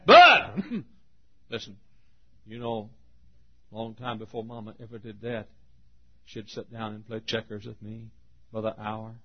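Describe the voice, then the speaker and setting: Man, older, preacher, folksy, husky, dull old recording. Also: mid-range voice. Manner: folksy, laughing, shouting for emphasis. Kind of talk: sermon. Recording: muffled old sermon tape.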